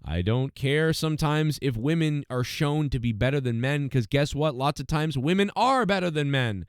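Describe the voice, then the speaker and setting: A man's voice: fairly high pitch, expressive, normal speed, clean tone, no echo, clean studio sound. A man reviewing a TV episode in a casual, ranting monologue, exasperated and mocking as he paraphrases the characters. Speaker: show reviewer.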